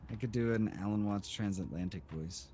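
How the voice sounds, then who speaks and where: A man's voice: on the low side, brisk, dark tone, a little hiss or hum. A man co-hosting a podcast, chatting casually in a laid-back way. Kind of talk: casual chat.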